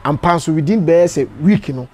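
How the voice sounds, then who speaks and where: A man's voice: on the high side, brisk, crowd noise. A Ghanaian man hosting a casual interview, prompting his guest with short replies. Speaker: interview host.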